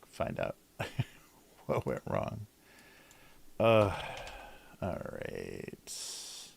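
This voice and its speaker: A middle-aged man with a lowish voice talks at an unhurried pace during a casual drawing livestream. He rambles, breaks off mid-sentence and laughs a lot. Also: creaky, darkish tone, a little hiss or hum. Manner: rambling, self-interrupting, laughs often. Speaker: cartoonist livestreamer.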